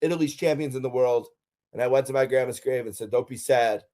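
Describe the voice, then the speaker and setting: Here a middle-aged Buffalo man, from the USA, runs through personal stories in a casual countdown at a quick pace. He's an eager, upbeat storyteller who leans on plenty of ums and uhs, and his medium-pitched voice has a dark tone.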